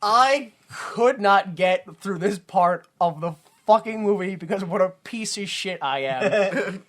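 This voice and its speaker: A man's voice: sits high, animated, slow, a bit bright. A man co-hosting a comedy podcast, chatting casually, rambling and swearing, often slipping into silly voices for the characters he describes. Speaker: podcast co-host.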